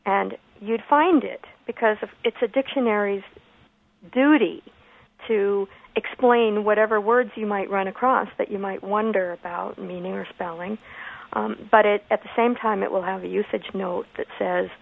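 Gravelly-voiced woman explaining grammar by phone. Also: mid-range voice, steady tone, no room sound. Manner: measured, explanatory, thoughtful pauses. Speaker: grammar author, radio guest. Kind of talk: radio call-in conversation. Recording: phone line.

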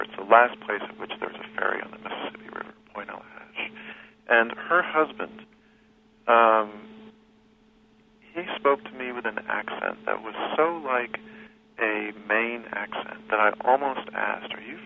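A man, a guest who teaches history, talking reflectively in an interview, pausing and restarting his sentences often. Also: fairly low pitch, gravelly. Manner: thoughtful, halting with many restarts and fillers. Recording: tinny phone line with faint hiss.

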